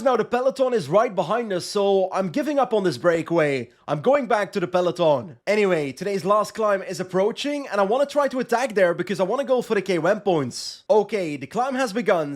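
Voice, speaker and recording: High-voiced excitable man commentating a game. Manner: excitable, shouts and pleads at close finishes. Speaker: gaming YouTuber.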